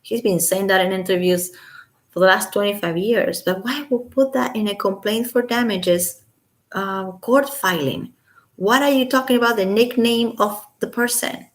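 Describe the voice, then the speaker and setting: This woman from Los Angeles has a mid-range voice and a moderate pace. Reading a court filing aloud at home, she stops to toss in sarcastic, incredulous commentary, sometimes lowering it to a whisper.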